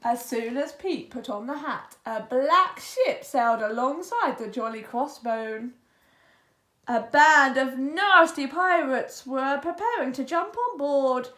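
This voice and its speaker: A woman reading a children's picture book aloud in an animated, expressive way. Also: high-pitched, slow. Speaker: storyteller. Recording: echoey room.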